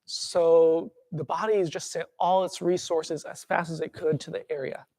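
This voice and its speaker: A man teaching a tuina workshop, calmly guiding breathing and then explaining with lively acted-out examples. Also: a little high, normal speed, gravelly, dry recording, studio quality.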